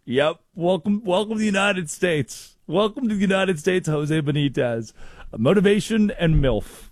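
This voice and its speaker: A man's voice: high-pitched, moderate pace, no echo, clean studio sound. A man hosting a comedic sports talk show, telling stories and mimicking people. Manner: storytelling, mimics people in quotes, animated. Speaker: radio show host.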